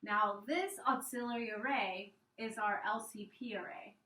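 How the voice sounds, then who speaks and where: A woman's voice: medium pitch, a little slow, bright, forceful tone, roomy sound, recorded from a distance, low-quality recording. A young woman, a student presenter, casually explaining an algorithm step by step over slides, with fillers and restarts. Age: young adult.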